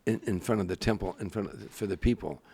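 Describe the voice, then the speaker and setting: An older comedian telling stories in an interview, animated and acting out the people he quotes. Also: lowish voice, fast, husky. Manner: animated storyteller, acts out quoted voices. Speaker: guest, comedian. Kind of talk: storytelling interview.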